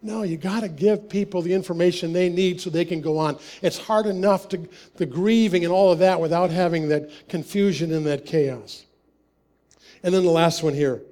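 A man's voice: sits high, normal speed, warm tone. A man preaching a sermon, telling personal stories in a conversational way, chuckling often and acting out the dialogue.

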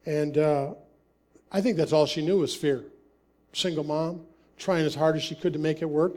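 A man's voice: fairly high pitch, steady tone, normal speed, pauses often, a little mellow. A man preaching a sermon, telling personal stories in a conversational way, chuckling often and acting out the dialogue.

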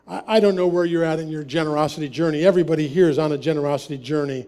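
High-voiced man preaching conversationally. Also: racing, dark tone. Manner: conversational, laughs often, acts out dialogue. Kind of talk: sermon with personal stories.

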